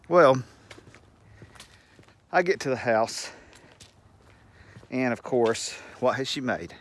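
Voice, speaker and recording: Speaking slowly in a sing-song, medium-pitched voice with long pauses, a male channel host rambles through a folksy story to the camera, chuckling as he goes. He's recorded at home, a faint hum in the background.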